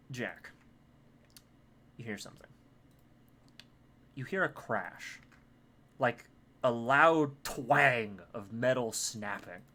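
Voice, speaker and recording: Bright, lively man running a game. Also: mid-range voice. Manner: casual, profane, laughs easily. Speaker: game master. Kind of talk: narrating a tabletop game.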